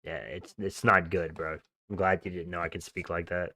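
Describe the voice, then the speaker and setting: A man's voice: sits low, little pitch movement, normal speed, bright, forceful tone. A young man hosting a livestream, chatting casually and answering viewer comments in slangy, offhand talk. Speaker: livestream host.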